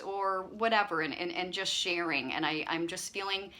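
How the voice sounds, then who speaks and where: A woman's voice: lowish voice, normal speed. A woman hosting her own channel, chatting casually to camera in a rambling, friendly way with lots of fillers. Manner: chatty, warm-hearted rambling with frequent fillers. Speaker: channel host.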